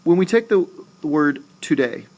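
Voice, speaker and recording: A man teaching a recorded lesson, talking slowly and deliberately and saying example words aloud more than once. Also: on the high side, expressive, a little mellow. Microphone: screencast voice-over.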